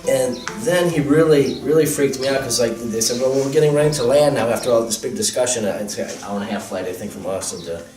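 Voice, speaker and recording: A man telling a lively personal story with laughs and quoted voices, recorded at a temple gathering. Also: medium pitch, quick pace, hardly any pauses. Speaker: guest telling his story. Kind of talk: casual storytelling. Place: temple hall. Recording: roomy sound from a distance, music.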